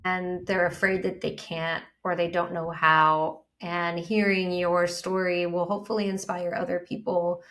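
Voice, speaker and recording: A woman's voice: lowish voice, level tone, unhurried, few pauses, a bit bright. A woman coach talking with a client in conversation, tender and affirming, speaking in long flowing lists. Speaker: transformational coach. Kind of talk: warm conversational interview.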